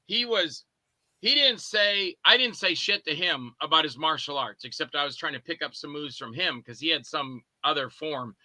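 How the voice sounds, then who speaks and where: In this rough, echo-free recording, a man with a fairly high-pitched voice speaks at an ordinary pace. He's a visiting filmmaker in a relaxed interview, spinning animated stories and voicing the people he quotes, curse words and all.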